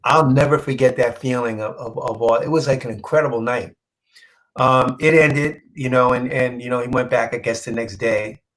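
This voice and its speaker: A man's voice: medium pitch, normal speed, low-quality recording. Guy telling a heartfelt story in an interview, acts out the other voices, stumbles and repeats when it gets emotional. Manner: animated, acts out quoted dialogue. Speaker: comic book artist guest.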